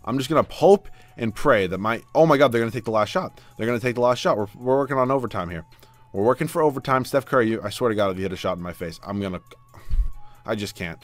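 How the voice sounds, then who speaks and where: Exasperated young man yelling over gameplay. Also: medium pitch, lively intonation, fast talker. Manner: exasperated, swings from muttering to yelling. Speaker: gaming YouTuber. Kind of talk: live gameplay commentary. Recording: dry close mic with faint background music.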